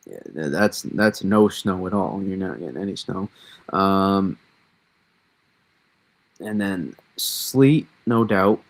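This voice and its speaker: A man with a Massachusetts accent hosting a casual live weather analysis, thinking aloud in a halting way with many fillers. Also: low-pitched, creaky. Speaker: weather stream host.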